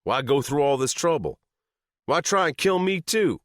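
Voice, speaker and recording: A man's voice: a little high, lively intonation, normal speed, no echo, studio quality, pitched above the performer's own voice, natural voice. Man playing an angry, cursing young biker. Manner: harsh, cursing, confrontational. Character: angry young biker son, defiant and bitter. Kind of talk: audiobook character reading.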